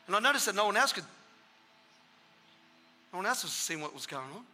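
A man in his thirties preaching and telling his testimony, excitable and bursting into shouts for emphasis. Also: high voice, brisk, pauses often, slight background noise. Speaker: guest preacher giving testimony. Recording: reverberant hall with live audience.

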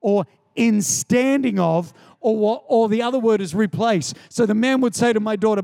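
A man preaching a sermon, animated and emphatic, with storytelling and repeated lines. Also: high voice, moderate pace, vocal fry. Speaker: pastor.

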